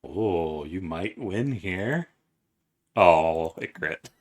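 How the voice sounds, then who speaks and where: A man running a tabletop game as game master, briskly working out movement and rules aloud for his players. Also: sits low, lively intonation.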